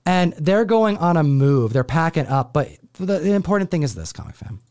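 A man's voice: fairly high pitch, moderate pace. A man from Buffalo, New York, hosting a comic book show and telling a family story in casual chat, acting out the voices of his relatives. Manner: animated, acts out family voices.

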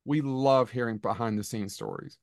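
A man's voice: medium pitch, moderate pace, vocal fry, dry recording. Male podcast host, eager, stammering, dry close recording. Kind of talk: casual interview.

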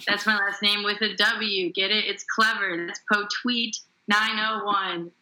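A young woman comedian chats as a podcast guest in a very bright, sharp voice. She cracks dry, self-deprecating jokes in a quick, casual way. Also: medium pitch, level tone, slight background noise, low-quality recording.

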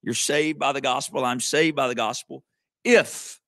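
A man's voice: medium pitch, fairly even intonation, normal speed, sharp tone, no echo, clean studio sound. A man preaching a sermon in an emphatic way, often turning to the congregation with asides. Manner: emphatic, calls to the congregation with asides like "okay?" and "amen".

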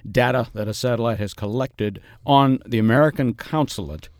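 A man playing an earnest, deadpan Cold War reenactor who talks haltingly with many pauses in a mock interview. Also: mid-range voice, dry recording, studio quality, close to an everyday voice. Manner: halting, full of uhs, deadpan. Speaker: interview guest.

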